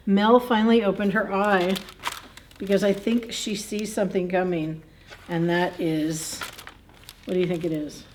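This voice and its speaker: A woman's voice: on the low side, darkish tone. A woman librarian reading a picture book aloud at a children's story time, in a playful, chatty way, chuckling and asking the kids questions.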